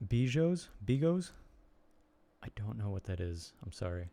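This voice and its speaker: A man's voice: low-pitched, steady tone, fairly quick, vocal fry, dark tone. A man casually chatting on a live stream while he works on a blog post, hesitant and apologetic, with lots of ums. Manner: hesitant, apologetic, many fillers.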